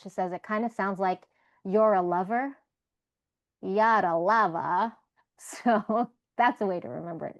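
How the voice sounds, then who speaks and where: A woman teaching Sanskrit to an online group patiently models pronunciation sound by sound through a video call. She has a clear, resonant mid-range voice, and there's no room sound.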